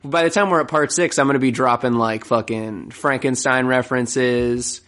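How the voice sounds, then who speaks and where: A man's voice: mid-range voice, moderate pace, a bit bright. Man, 20s, podcast co-host, casual, swears a lot, laughs often. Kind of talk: casual chat.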